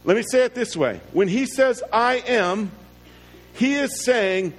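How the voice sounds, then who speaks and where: A man preaching a sermon in a bright, high voice, leaning hard on key words with slow emphasis. His voice rings with a long reverb, and faint music sits behind him. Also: lively intonation. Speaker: pastor. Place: church.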